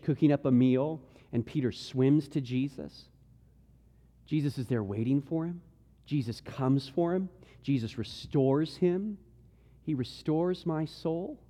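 A middle-aged man preaching a sermon, swinging between intense emphasis and hushed, quiet passages. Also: on the high side. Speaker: pastor. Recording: long reverb of a large hall.

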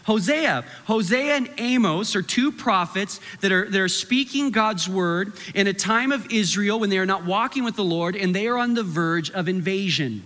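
Bright-voiced man preaching in a hall. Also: high-pitched, normal speed, few pauses. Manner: animated preaching, acts out quoted voices. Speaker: pastor. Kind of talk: sermon.

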